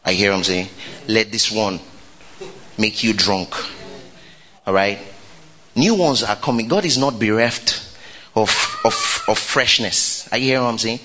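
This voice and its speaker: A man preaching a lively sermon, calling out to the congregation, shouting and laughing as he goes. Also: lowish voice, unhurried, pauses often. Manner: exuberant preaching, shouting and laughing, call and response. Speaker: pastor.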